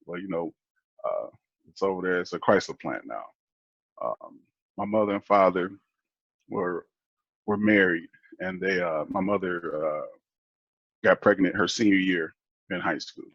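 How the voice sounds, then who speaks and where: A man from Detroit, a guest on a show, telling his family story in a relaxed, rambling way with fillers and restarts. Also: low voice, a little slow, gravelly, pauses often, dry recording, highs cut off. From Detroit, Michigan, USA. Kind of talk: casual storytelling.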